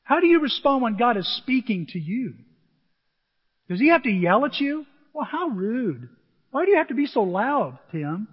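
Animated husky-voiced preacher man, hall echo. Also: very high-pitched, moderate pace. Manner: animated, shifts between shouting and near-whispers. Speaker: pastor. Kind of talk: sermon. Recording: dull, hall reverb.

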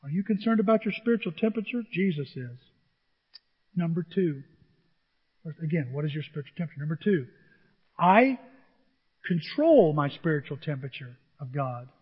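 Male pastor, high voice, emphatic sermon style that bursts loud on key words, long hall reverb, dull audio. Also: big pitch swings, normal speed, pauses often, breathy edge. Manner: emphatic, rising to near-shouts on key words; acts out congregants' complaints in mocking voices.

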